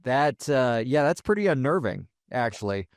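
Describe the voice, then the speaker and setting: A man's voice: medium pitch, very animated, normal speed, no room sound, clean studio sound. Man hosting a casual interview. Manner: short reactions, friendly questions. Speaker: podcast host.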